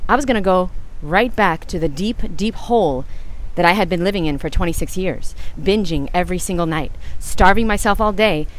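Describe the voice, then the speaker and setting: A woman's voice: on the low side, normal speed, hardly any pauses. A woman in her forties telling a personal story as a motivational podcast host, earnest and emphatic, speaking straight to her listeners.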